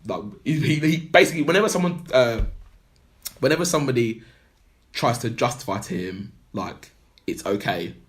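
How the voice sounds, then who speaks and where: A man's voice: mid-range voice, animated, normal speed. A man on a podcast, casually recapping a film plot in a rambling way full of "like" and "blah blah". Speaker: podcast co-host.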